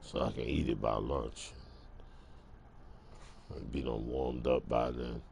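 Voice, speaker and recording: A man's voice: extremely low pitch, level tone, takes it slowly, vocal fry, a little mellow, a little hiss or hum. A man ranting casually to camera in a streetwise, emphatic way. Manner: streetwise, emphatic, repeats "bro". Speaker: vlogger.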